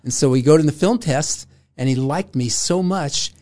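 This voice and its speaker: An older man recounting a past adventure in an easygoing, rambling way. He laughs often and slips into quick impressions of the people he quotes. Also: fairly high pitch, a little mellow. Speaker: interview guest. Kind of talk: casual storytelling.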